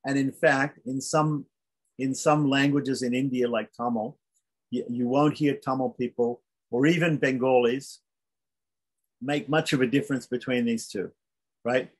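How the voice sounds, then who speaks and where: A man teaches beginners how to pronounce Sanskrit letters. His voice is husky and sits at a middle pitch, and he patiently says each sound several times over so learners can catch it. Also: steady tone. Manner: patient, repeats sounds slowly for demonstration. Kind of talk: beginner language lesson.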